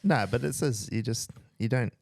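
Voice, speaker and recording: A man's voice: mid-range voice, normal speed, vocal fry, darkish tone, no room sound, clean studio sound. A man hosting a podcast, chatting casually and joking, often restarting his sentences. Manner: joking, rambling, self-correcting. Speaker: podcast host, business owner. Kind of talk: casual chat.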